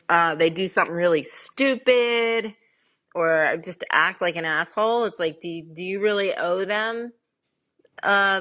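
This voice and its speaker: A woman's voice: on the low side, a bit bright. A middle-aged woman co-hosting a podcast, telling dating stories in a candid, chatty way with plenty of fillers. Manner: candid storytelling with frequent fillers. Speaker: podcast co-host. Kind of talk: casual chat.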